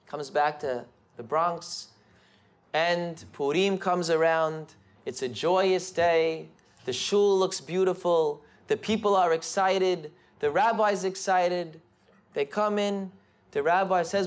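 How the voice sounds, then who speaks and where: A rabbi telling a story in a sermon, animated and building excitement. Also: male voice, on the high side, unhurried. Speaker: rabbi and speaker.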